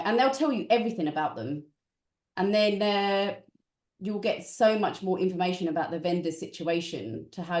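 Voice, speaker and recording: A woman's voice: fairly low pitch, a little mellow, roomy sound, far from the mic. A woman property investor, a guest in a casual interview, talking in a chatty, frank, plain-spoken way. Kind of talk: casual interview on a video call.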